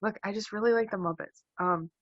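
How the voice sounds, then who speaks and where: A young woman co-hosting a casual podcast, animated, jokey and swearing as she rants. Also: mid-range voice, a little fast, dry recording. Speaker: podcast co-host. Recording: dull lo-fi dry sound.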